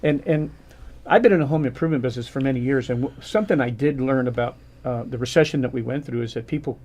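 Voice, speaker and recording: Man in his fifties, gravelly voice, radio guest, long rambling story, frequent restarts. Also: medium pitch, fast talker, darkish tone. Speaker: guest business owner.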